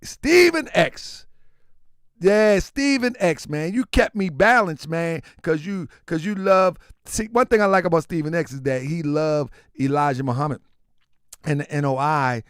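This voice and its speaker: The host of this livestream has a slightly high, clean-toned voice and keeps a measured pace, recorded dry with clean studio sound. He is animated, talks casually, preaches at times, and often shouts.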